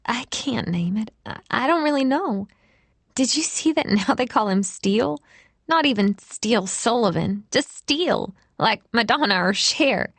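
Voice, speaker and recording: A woman's voice: on the high side, animated, measured pace, fairly bright tone, no echo, voice pushed up, heavily acted. A woman reading an audiobook voices a worried, chatty young woman missing her boyfriend. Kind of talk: audiobook character voice.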